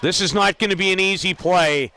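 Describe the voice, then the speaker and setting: A man calling a softball game play by play, lively, with self-deprecating asides about player names. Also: high-pitched, brisk. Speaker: play-by-play announcer. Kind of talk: sports commentary.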